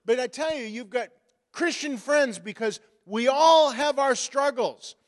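A middle-aged pastor preaching a sermon, moving from storytelling into forceful preaching. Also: male voice, very high-pitched, measured pace. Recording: long reverb of a large hall.

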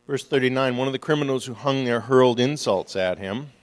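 A man who is a pastor, preaching a sermon and moving from quiet, hushed stories to loud, emphatic passages. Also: mid-range voice, fairly quick, long reverb tail.

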